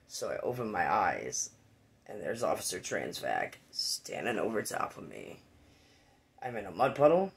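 A man casually telling a rambling, profane personal story, quoting friends with animated voices. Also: on the low side, moderate pace, gravelly.

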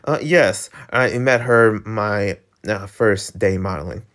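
A man's voice: on the low side, slow pace, fairly bright tone, pitched below the performer's own voice. A man reading a webtoon aloud, voicing an anxious young woman model who hesitates and stammers. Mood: shy.

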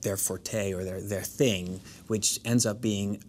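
A man's voice: lowish voice, steady tone, slow, a little mellow, a little hiss or hum. A man in his thirties from the Netherlands, speaking with a coached general American accent, answering interview questions thoughtfully with many restarts. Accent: general American, trained. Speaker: actor guest. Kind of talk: interview conversation.

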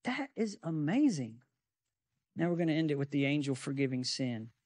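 A man's voice: on the high side, big pitch swings, normal speed, a little mellow, dry recording. A male pastor preaching a sermon, teaching from scripture with many rhetorical questions to the congregation.

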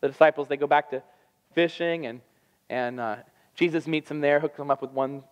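A man preaching a sermon as pastor, telling the story with animated energy and acting out the voices. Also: a little high, moderate pace, long reverb tail. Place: church sanctuary.

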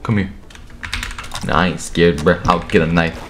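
A young man giving rowdy, profane commentary over his own gameplay, excitable and quick to burst into shouting. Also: low voice, heavy background noise. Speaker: gaming video creator. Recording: echoey room with keyboard clatter. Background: keyboard clicks and typing.

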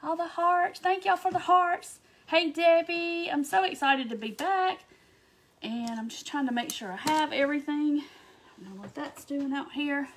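A cheerful woman hosts a live craft stream. Her voice sits notably high, and her blocked sinuses give it a stuffy, congested sound. She chats in a bubbly, excitable way and greets her viewers by name. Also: moderate pace, slight background noise. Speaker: craft livestream host. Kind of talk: casual livestream chat greeting viewers.

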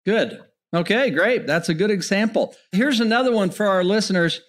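A man with a notably high voice hosts a podcast interview, asking short, curious questions in a friendly tone. He keeps his prompts brief and leaves room for his guest. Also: expressive, normal speed, a bit bright. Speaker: podcast host.

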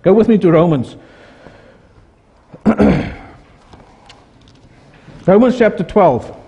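A man's voice: sits high, expressive, extremely slow, warm tone, big-room sound, muffled recording. A man preaching a sermon as pastor, asking his congregation questions as he goes.

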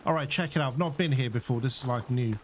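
A man's voice: mid-range voice, quick pace, background noise. A man giving chatty let's-play commentary, laughing often and bursting out in exasperation at the game. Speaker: gaming YouTuber. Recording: game music playing behind the voice.

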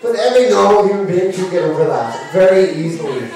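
Brash stand-up comic, echoey club. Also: male voice, sits high, lively intonation, fast, crowd noise. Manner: brash storytelling, acts out hecklers. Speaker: stand-up comedian. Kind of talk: stand-up comedy set. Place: comedy club stage, large room. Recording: echoey club from far off, audience noise.

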